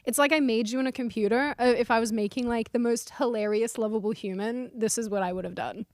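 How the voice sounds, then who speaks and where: A young woman with a slightly high voice chats and giggles through a casual podcast, reading viewer comments and ribbing her partner. The sound is close and dry, like a mic right at her mouth. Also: fairly even intonation, fast, a little mellow, no room sound. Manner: teasing, giggly. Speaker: co-host reading viewer messages.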